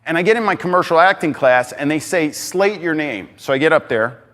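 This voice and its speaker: A man giving an energetic talk on stage, emphatic and excitable, swinging between loud bursts and quieter asides. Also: on the high side, fast talker. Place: large hall on stage. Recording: reverberant hall.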